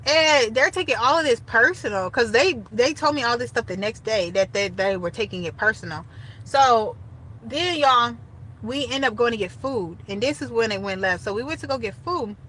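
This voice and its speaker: A young woman casually telling a story straight to her viewers, animated and chatty. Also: fairly high pitch, moderate pace, a little hiss or hum, poor audio. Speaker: storytime vlogger.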